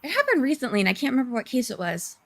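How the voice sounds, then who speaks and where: A woman with a somewhat high voice chats casually over a remote call. She explains legal points in plain, conversational terms. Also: huge pitch swings, racing. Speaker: co-host discussing a court case.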